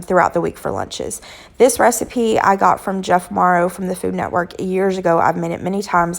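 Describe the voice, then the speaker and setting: A woman in her thirties or forties, a cooking channel host, hoarse from illness, chatting casually with lots of ums as she walks through weeknight dinners. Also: mid-range voice. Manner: chatty, homey, frequent "um" fillers. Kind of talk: casual cooking vlog narration.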